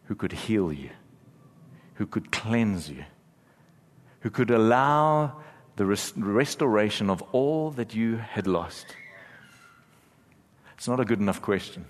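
A man preaching a sermon as pastor, talking earnestly, growing intense and later dropping to a hushed prayer. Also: on the low side, animated, takes it slowly, long pauses. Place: church hall. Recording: church hall reverb.

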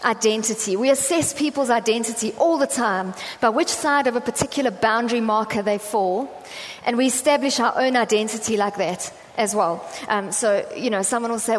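A woman's voice: fairly high pitch, a little fast. Chatty woman preaching. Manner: chatty, self-deprecating storytelling with many fillers. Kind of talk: conversational sermon. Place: church hall. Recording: long hall reverb, faint ambience.

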